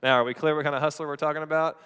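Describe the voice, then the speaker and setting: A man's voice: a little high, fairly even intonation, racing, fairly bright tone, clear, resonant tone, big-room sound. A man preaching a sermon in a church, telling a story with playful asides to the congregation. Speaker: pastor. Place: church sanctuary.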